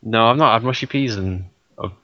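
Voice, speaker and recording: A British man with a fairly low, bright and forceful voice jokes around as podcast co-host. His sound is a bit dull and lo-fi. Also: a little fast, no room sound. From United Kingdom. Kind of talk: casual chat.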